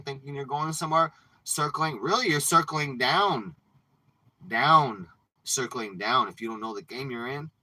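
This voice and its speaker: A man hosting a livestream, ranting and preaching with frequent swearing, dropping from low mutters to loud outbursts. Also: dry recording, low-quality recording. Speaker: livestream host.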